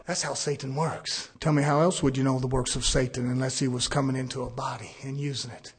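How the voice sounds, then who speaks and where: A man preaching a fiery sermon, dropping to low asides and climbing to shouted peaks. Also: slightly rough. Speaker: pastor.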